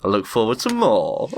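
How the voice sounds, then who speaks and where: A man's voice: high voice, a little hiss or hum. A middle-aged man, co-hosting a casual podcast and running a quiz, joking and swearing freely. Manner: jokey, playful, swears freely. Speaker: podcast co-host and quiz master. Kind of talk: casual banter. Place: garage.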